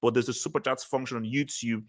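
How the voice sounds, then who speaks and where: A man's voice: mid-range voice, fairly even intonation, fast. A man hosting a casual football livestream, talking loosely with repeated phrases and easy laughs. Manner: loose, repetitive, laughing easily. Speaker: host.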